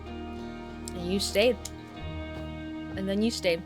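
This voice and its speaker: A young woman streaming a game and chatting casually with viewers, loud and playful, swinging from yelling to soft asides. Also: mid-range voice, fairly even intonation, very slow, soft background music.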